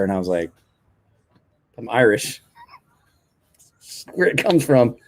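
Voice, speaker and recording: A man's voice: mid-range voice, big pitch swings, moderate pace, long pauses, darkish tone. A man in his forties chatting casually on a late-night live stream, telling rambling stories with a self-deprecating streak.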